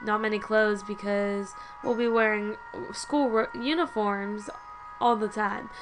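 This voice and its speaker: A woman's voice: mid-range voice, steady tone, measured pace, over music, rough recording. A woman reading a story game aloud with chatty asides, often stumbling and correcting herself. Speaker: let's play host.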